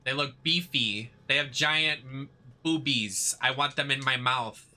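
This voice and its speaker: A man giving casual commentary on a video game, chatty and campy as he rambles along with plenty of fillers. His voice is very bright and sharp-edged and sits at a middle pitch. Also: unhurried. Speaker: gaming streamer and drag performer.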